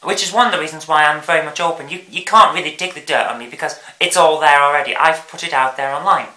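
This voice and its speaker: A woman's voice: low-pitched, fast, bright, forceful tone, reverberant, poor audio. A woman hosting a vlog, ranting about the news in an angry, sarcastic, sweary way. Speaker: vlog host.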